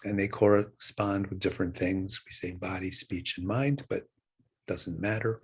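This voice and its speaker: An older man in his sixties, a meditation teacher, guiding a breath meditation in a slow, calm and gentle way with long pauses. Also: sits low, slightly rough. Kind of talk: guided meditation.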